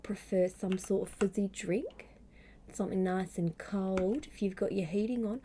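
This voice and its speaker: A woman streaming live from home at a desk microphone, reading aloud and chatting in a gentle, wry voice that often drops to a half-whisper. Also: medium pitch, fairly even intonation, normal speed, a little hiss or hum. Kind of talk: soft-spoken stream reading and chat.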